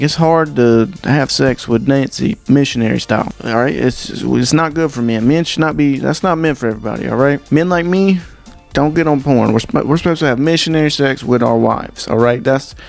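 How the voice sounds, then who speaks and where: Gravelly man doing incredulous stand-up. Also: medium pitch, normal speed, soft background music. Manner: incredulous, rambling, animated storytelling. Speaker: comedian. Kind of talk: stand-up comedy.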